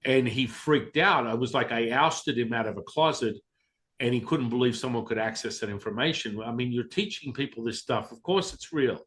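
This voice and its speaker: A man's voice: mid-range voice, moderate pace, a bit bright. A man being interviewed as a spiritual teacher, candid and blunt, casually swearing and acting out voices as he tells his stories. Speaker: Taoist teacher, interview guest.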